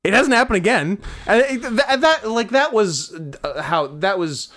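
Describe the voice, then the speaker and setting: A man's voice: high-pitched, big pitch swings, measured pace, fairly bright tone. A man co-hosting a podcast in casual chat, playful and full of absurd jokes, often laughing. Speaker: podcast co-host.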